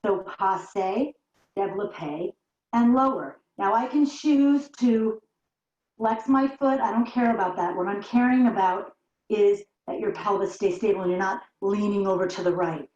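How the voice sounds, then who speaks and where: A woman's voice: medium pitch, measured pace, a little mellow. Woman, barre instructor, demonstrating while cueing, slightly out of breath, roomy echo, dull lo-fi sound. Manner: encouraging, counts reps while demonstrating. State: a little out of breath. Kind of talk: guided workout instruction.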